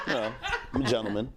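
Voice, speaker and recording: A man's voice: medium pitch, very noisy. A man in his thirties doing a stand-up set in a laid-back, rambling, crude way, full of fillers. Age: 30s. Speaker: stand-up comedian.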